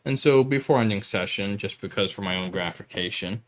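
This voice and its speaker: Man running a tabletop game, lowish voice. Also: a little hiss or hum. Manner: playful, quick asides and laughs. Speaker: game master.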